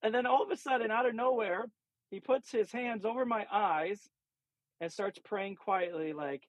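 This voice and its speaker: A man tells a personal story on a podcast and acts out each quote with energy. His voice is high, and the recording is dry and close with no room echo. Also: moderate pace. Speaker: podcast co-host. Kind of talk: casual anecdote telling.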